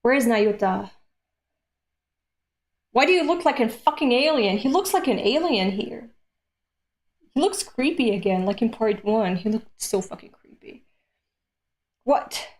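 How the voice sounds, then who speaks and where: A woman from Europe hosts a live-stream read-along, talking slowly and unhurriedly. Her voice sits a little high. She reacts in animated bursts and swears freely. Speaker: streamer reading manga aloud.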